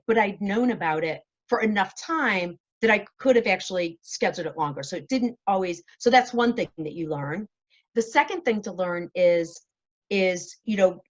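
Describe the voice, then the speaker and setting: A woman's voice: medium pitch, dull audio. A woman host, being interviewed, chatting casually and laughing at herself often over a video call. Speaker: show host, interviewed as guest.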